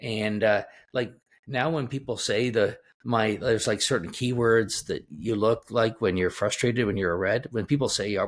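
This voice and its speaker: A man's voice: lowish voice, normal speed. A middle-aged man, an executive coach appearing as a guest, telling anecdotes emphatically and restarting his sentences often. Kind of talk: conversational storytelling.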